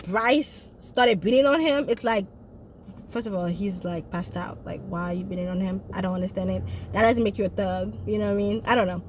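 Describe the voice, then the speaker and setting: A woman's voice: mid-range voice, a bit bright, slight background noise. A woman in casual chat, reviewing a movie and talking straight to her viewers in an emphatic way.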